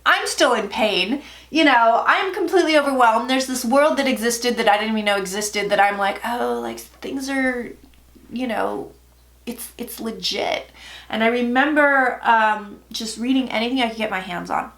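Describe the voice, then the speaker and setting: A woman speaking casually and candidly, her voice sitting somewhat high. She tells her story with animated, profane asides. The sound carries a noticeable room echo. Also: a little fast. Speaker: psychic telling her story.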